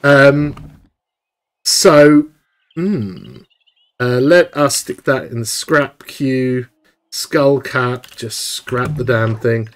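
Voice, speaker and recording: A young man giving excitable, chatty live commentary while streaming a video game. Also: medium pitch, drawn-out words.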